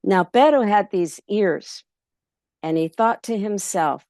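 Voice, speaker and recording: Gravelly-voiced woman telling a folk tale. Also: mid-range voice, slow pace, no echo, studio quality. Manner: relaxed, many ums and restarts. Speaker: storyteller. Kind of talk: oral folk storytelling. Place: festival workshop.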